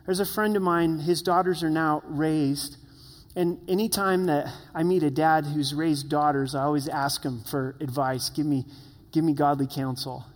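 A man's voice: on the high side, steady tone, normal speed, in a large hall. A man preaching a sermon as pastor, earnest and conversational, asking the listeners questions.

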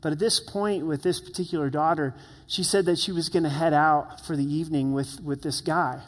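A man's voice: on the high side, steady tone, brisk, big-room sound. A man preaching a sermon as pastor, earnest and conversational, asking the listeners questions.

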